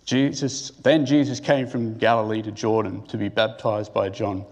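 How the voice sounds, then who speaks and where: A man delivers a sermon in a relaxed, conversational way, with a voice that sits a little low. He keeps turning to his listeners with questions. He often restarts his sentences as he thinks aloud. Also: moderate pace. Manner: asks the listeners rhetorical questions. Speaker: preacher.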